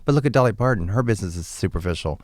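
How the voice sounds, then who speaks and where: A man guest, a drag performer, telling stories in a casual interview with a lively, campy manner and bursts of laughter. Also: racing, dry recording, clean studio sound. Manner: animated, campy, laughs often, jumps up in pitch.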